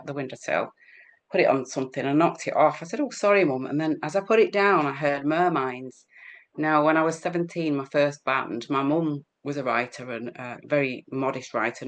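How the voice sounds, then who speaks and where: A middle-aged English woman chatting as an interview guest, rambling and laughing often. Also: rumbling low. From England. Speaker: guest healer. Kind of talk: casual chat.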